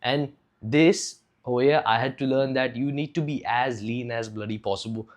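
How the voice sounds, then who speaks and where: A man's voice: medium pitch, normal speed. A young man from India talking casually to camera as a fitness vlogger, rambling loosely with lots of filler words and swearing.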